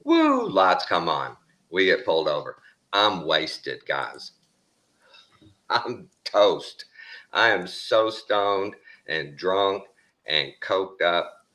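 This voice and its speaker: Low-voiced Texan man, middle-aged, casual drawling storyteller with a bright, punchy delivery. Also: wildly swooping pitch, drawn-out words. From Texas.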